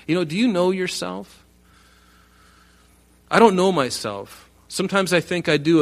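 A male preacher delivers a sermon with lively energy. He drops to quiet asides, then rises sharply as he acts out the people in the story. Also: mid-range voice. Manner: animated, acts out quoted voices with loud rising bursts.

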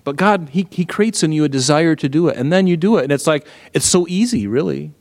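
A middle-aged man preaching a sermon in a conversational, animated way, full of rhetorical questions. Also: fairly high pitch, fairly quick, in a large hall. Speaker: pastor.

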